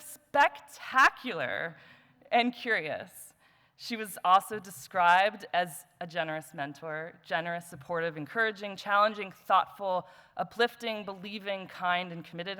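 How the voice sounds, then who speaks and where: A lower-voiced woman introduces a colleague at a conference session. She lists qualities one after another, adding small jokes. The voice rings out in a large hall with a long echo. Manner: warm, lightly joking, lists qualities one by one. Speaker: award presenter, former student. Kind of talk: introduction speech at an award session.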